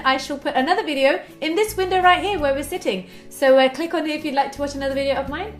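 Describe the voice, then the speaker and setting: Woman beauty vlogger, excitable and chatty, fairly high voice, light music underneath. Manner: bubbly, excitable. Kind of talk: makeup tutorial and chatty outro.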